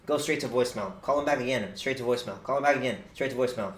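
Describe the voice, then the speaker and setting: A young man streamer telling a story in casual chat, animated and swearing a lot. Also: medium pitch, racing. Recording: roomy echo, faint noise.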